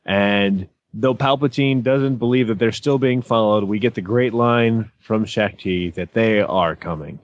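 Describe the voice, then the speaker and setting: A man's voice: lowish voice, unhurried. A man hosting a casual chat, recapping scenes with enthusiasm. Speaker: podcast host. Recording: dry, dull lo-fi sound.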